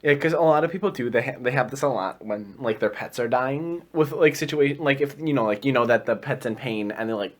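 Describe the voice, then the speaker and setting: A man co-hosting a podcast chats in a relaxed, easygoing way. His voice sits at a middling pitch, and his speech is loose and full of filler words. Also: fairly quick, few pauses. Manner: laid-back, heavy use of "like". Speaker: podcast co-host. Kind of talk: casual chat.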